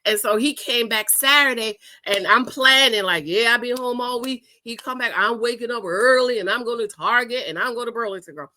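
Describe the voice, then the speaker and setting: A woman's voice: fairly high pitch, fairly quick, hardly any pauses. A married woman hosting a reaction video, talking emphatically in casual commentary and storytelling, laughing often. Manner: emphatic, animated, laughs often, says "okay?" a lot. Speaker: host of a reaction channel.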